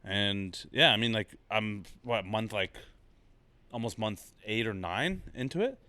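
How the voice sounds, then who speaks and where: Low, smooth-voiced comedian on a podcast. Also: male voice, measured pace, no room sound. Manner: relaxed, reflective, repeats words while thinking. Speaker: touring stand-up comedian, guest. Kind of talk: casual podcast chat.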